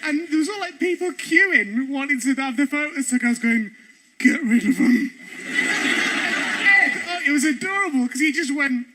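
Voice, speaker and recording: An excitable comedian tells stories on a studio stage, his voice pitched very high for a man. Loud audience noise sits around him. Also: fairly quick, hardly any pauses. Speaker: stand-up comedian. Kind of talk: stand-up storytelling.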